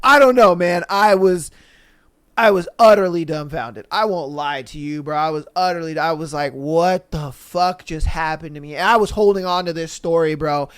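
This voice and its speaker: A young man co-hosting a podcast, telling a story in casual chat, animated, swearing freely and acting out voices. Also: fairly high pitch, moderate pace, clean tone. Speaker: podcast co-host.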